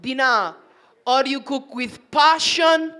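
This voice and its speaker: A woman voicing her deadpan Italian chef husband with a put-on Italian accent, in a matter-of-fact delivery. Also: high-pitched, slow pace. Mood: blunt.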